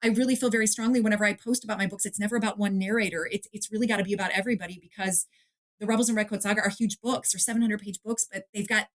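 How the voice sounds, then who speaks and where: A middle-aged woman from the Detroit area, an author chatting in an interview, lively and quick to act out quotes and laugh. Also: mid-range voice. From Detroit area, USA. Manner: animated storyteller, acts out quotes, laughs often. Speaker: author and guest. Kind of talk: casual interview chat.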